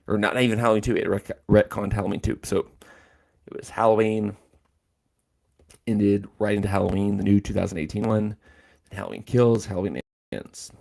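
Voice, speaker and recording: A man's voice: lowish voice, steady tone, fairly quick, gravelly, long pauses, a little mellow. A man hosting a casual livestream chat, talking in a rambling, filler-heavy way. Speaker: host.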